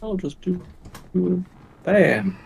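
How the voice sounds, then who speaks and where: Slow-spoken mild man at a tabletop game. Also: high voice, big pitch swings, vocal fry, slightly rough, low-quality recording. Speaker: player. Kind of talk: casual tabletop play.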